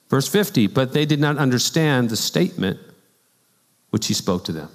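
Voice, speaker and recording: Male pastor, relaxed conversational preaching, slightly high-pitched, echoing sanctuary. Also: moderate pace. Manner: animated storytelling with asides and laughs. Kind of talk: conversational sermon. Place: church sanctuary. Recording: long church hall reverb.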